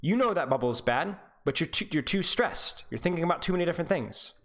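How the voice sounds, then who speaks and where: A man's voice: fairly high pitch, expressive, quick pace, fairly bright tone. A man coaching a player over voice chat, encouraging and repetitive, telling stories to make his point. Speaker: esports coach.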